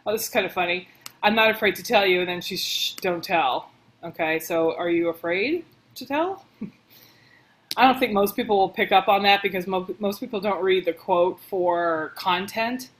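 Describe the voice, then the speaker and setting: A woman working as a book editor, reading passages aloud and thinking out loud in a casual, chatty way as she comments on them. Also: medium pitch, moderate pace, low-quality recording.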